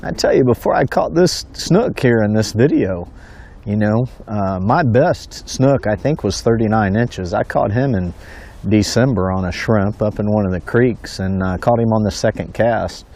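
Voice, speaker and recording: A middle-aged man filming his own fishing trip, telling folksy stories and whooping with excitement over his catch outdoors on a bridge at night. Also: on the low side, moderate pace. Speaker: fishing vlogger. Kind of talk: casual fishing commentary.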